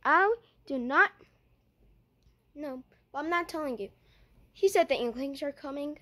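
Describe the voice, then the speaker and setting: Taking her time and leaving long pauses, a woman acts out a homemade skit, leaping eagerly between characters. Her high-pitched voice rises and falls, and she keeps tripping into stammered restarts.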